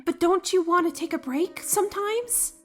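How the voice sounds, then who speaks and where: A woman's voice: extremely high pitch, faint music behind, voice pushed up. A woman voicing a feisty young girl who bursts out indignantly. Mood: pleading. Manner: quick, indignant outbursts.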